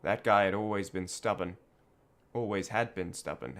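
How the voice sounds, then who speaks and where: A man's voice: fairly low pitch, steady tone, a little fast, fairly bright tone. A man with a groggy morning voice streaming a game, rambling and joking as he plays. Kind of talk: casual gameplay commentary. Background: game music.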